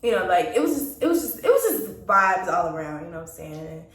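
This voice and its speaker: A woman's voice: on the low side, very animated, a little fast, fairly bright tone, reverberant, recorded from a distance. A young woman casually telling a dating storytime, chatty, laughing often and acting out the lines people said. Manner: chatty, laughs often, acts out quoted dialogue. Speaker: storytime vlogger.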